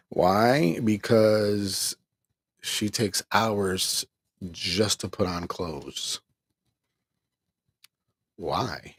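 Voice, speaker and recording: A middle-aged man vents on his livestream in a tired, exasperated voice and laughs ruefully as he goes. His voice sits very low and sounds husky. The mic is close and the sound is dry. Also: extremely slow, long pauses, a bit bright, no echo. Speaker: livestream host. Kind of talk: venting on a livestream, reading chat.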